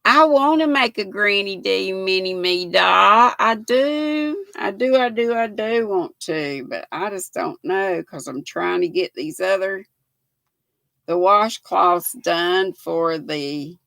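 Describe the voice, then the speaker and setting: Slow, gravelly older woman chatting. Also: mid-range voice, pushed and bright, dry recording. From United States. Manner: chatty, thanks viewers often, laughs easily. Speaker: livestream host. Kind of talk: casual livestream chat reading comments.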